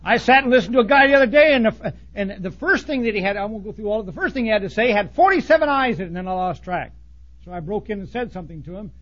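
A man preaching a blunt, folksy sermon to ministers, swinging from loud outbursts to hushed asides. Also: sits high, expressive, quick pace, dull audio. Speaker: pastor.

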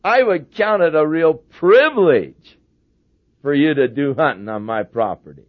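A man's voice: a little high, lively intonation, measured pace. A man voicing an older country rancher with folksy talk. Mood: plain. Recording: dull lo-fi sermon recording.

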